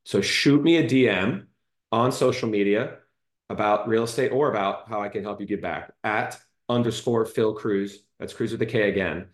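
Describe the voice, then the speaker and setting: A man's voice: lowish voice, moderate pace. A man hosting a podcast interview, chatty and friendly, with lots of fillers. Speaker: podcast host. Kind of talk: casual interview chat. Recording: echoey room.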